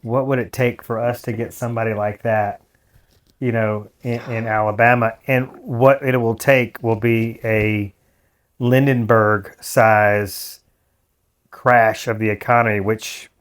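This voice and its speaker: A man's voice: lowish voice, fairly even intonation, a little slow. A man in his forties co-hosts a podcast in a casual, earnest way. He stops and restarts his sentences often as he works his thoughts out aloud. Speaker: podcast co-host. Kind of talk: casual political chat.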